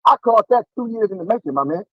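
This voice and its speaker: A brash, combative man hosts a heated sports debate, talking fast and repeating his points. His voice sits high, and the audio is dry and a little muffled, like a call recording. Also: expressive, no room sound. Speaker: show host.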